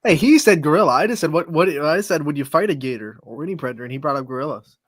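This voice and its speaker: A man co-hosting a sports show, chiming in with quick jokes and laughing often. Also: a little high, lively intonation, dry recording, clean studio sound. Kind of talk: casual banter.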